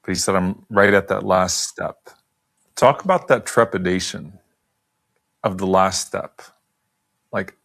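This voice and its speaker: A male host leads an interview in a calm, reflective manner. His voice is very deep with a gravelly edge, and his pitch stays level and even. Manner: measured, reflective questioning. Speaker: podcast host. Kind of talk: conversational interview.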